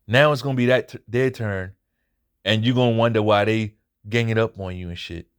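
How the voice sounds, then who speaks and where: A man's voice: on the low side, fairly quick, clear, resonant tone. A man hosting his own boxing commentary channel, giving a casual fight recap. He talks bluntly and swears often, and he repeats his points for emphasis.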